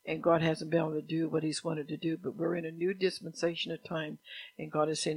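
A preacher delivers a sermon in an earnest, exhorting manner, stopping to explain each scripture passage. The voice sits at a middle pitch, and the recording is dry, with no room sound. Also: little pitch movement, vocal fry, husky, no room sound, low-quality recording. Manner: earnest, exhorting, asks the listeners direct questions; pauses to explain the passages being read.

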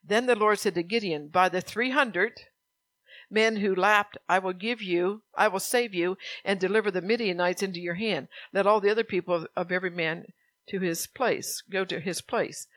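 A woman pastor preaching a sermon. She reads scripture slowly and earnestly and puts direct questions to her congregation. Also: mid-range voice, a bit bright.

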